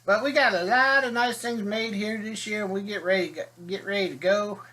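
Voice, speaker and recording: A man's voice: high voice, brisk, bright, forceful tone. A man telling a rambling, folksy comic story as a video host.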